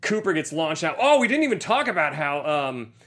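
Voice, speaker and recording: A man's voice: on the high side, sing-song, brisk, fairly bright tone. A man in his thirties co-hosting a casual movie podcast, joking and trying out silly voices. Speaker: podcast co-host.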